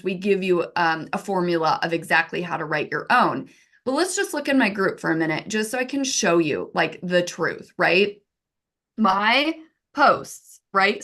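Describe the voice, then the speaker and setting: A woman in her thirties, a software co-founder, giving casual marketing advice in a lively way, often asking "right?" and acting out quotes. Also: mid-range voice. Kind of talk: casual teaching talk with screen share.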